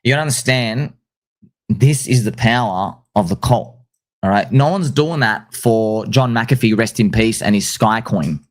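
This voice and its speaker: A man hosting a crypto livestream, giving an animated conference presentation with quick asides. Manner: animated and excitable, with rapid asides and sudden jumps in pitch.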